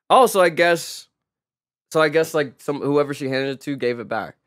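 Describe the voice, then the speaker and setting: A man co-hosting a podcast who chats casually, reacts quickly, swears and laughs often. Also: fairly high pitch, a bit bright, no room sound, studio quality. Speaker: podcast co-host. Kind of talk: casual chat.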